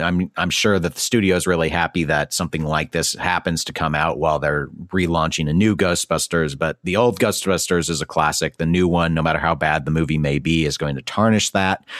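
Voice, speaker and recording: Deep-voiced man chatting casually. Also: a bit bright, no echo, clean studio sound. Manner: conversational, thinks aloud with restarts. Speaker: podcast co-host. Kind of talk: casual review chat.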